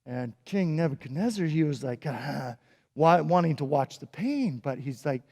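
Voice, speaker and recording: A Sunday school teacher telling a Bible story to children in a playful, animated way. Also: male voice, fairly high pitch, normal speed. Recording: echoey hall.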